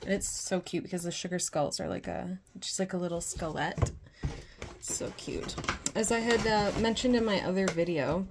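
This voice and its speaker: A young woman from northern Canada, talking earnestly and carefully through a doll unboxing, with soft whispered asides. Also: on the low side, brisk, few pauses, background noise. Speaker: doll collector and vlogger.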